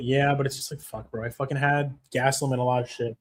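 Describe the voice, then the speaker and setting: A man's voice: mid-range voice, little pitch movement, fast. Profane, fed-up young male streamer. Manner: profane, frustrated ranting; reads chat comments aloud. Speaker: livestream host. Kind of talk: live fight-watching stream commentary.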